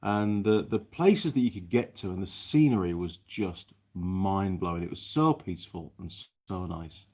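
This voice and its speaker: A man's voice: low-pitched, animated, normal speed, hardly any pauses, a little mellow. A man hosting a casual live chat from his workshop, chatting and rambling with many restarts as he reads viewer comments. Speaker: live stream host, mechanic.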